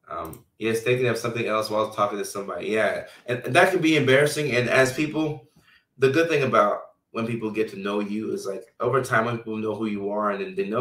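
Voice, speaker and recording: A man hosting a casual live stream as a health care provider, reading viewer comments out loud in a loose, chatty way full of fillers. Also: lowish voice, fairly even intonation, normal speed. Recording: roomy sound from a distant mic.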